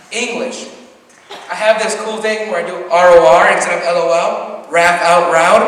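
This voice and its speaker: A man's voice: sits high, fairly bright tone. A teenage boy doing a stand-up comedy set, telling rambling stories with frequent giggles and ums. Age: teens. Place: school auditorium. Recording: echoey hall from far off, faint noise.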